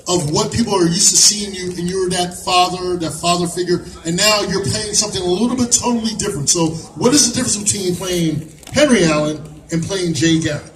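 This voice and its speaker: Guy hosting a con panel, pretty high voice, hypes up the crowd, echoey and far off the mic, crowd noise and hiss. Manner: hypes up the audience, calls out to the crowd. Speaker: panel moderator. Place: convention hall with audience.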